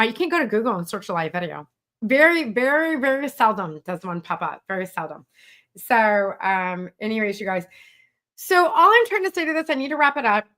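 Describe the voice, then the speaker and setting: A woman's voice: mid-range voice, pushed and bright. A middle-aged woman coaching creatives on a live stream, chatting casually and animatedly with many fillers and acted-out quotes.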